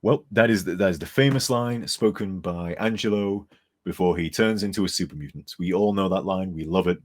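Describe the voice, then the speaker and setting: A man's voice: low-pitched, fairly quick. A tired man streaming as a game modder, rambling and chuckling as he reads chat aloud, sometimes turned away from his desk mic. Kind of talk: casual live-stream chat.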